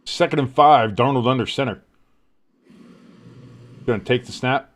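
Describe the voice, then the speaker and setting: A man hosting a live football stream, calling play-by-play in a rambling, excitable, casually profane way. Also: mid-range voice, normal speed. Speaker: host.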